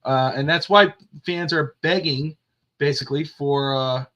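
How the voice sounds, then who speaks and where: On a casual sports talk show, a middle-aged co-host is a lively storyteller who acts out what people said. His fairly high voice is unhurried, and the recording sounds muffled.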